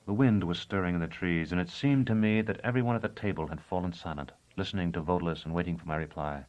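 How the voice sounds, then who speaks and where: A man with a low voice reads a novel aloud in the first person, in even, deliberate storytelling. The recording is dull and lo-fi. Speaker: audiobook narrator. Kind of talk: first-person scripted narration.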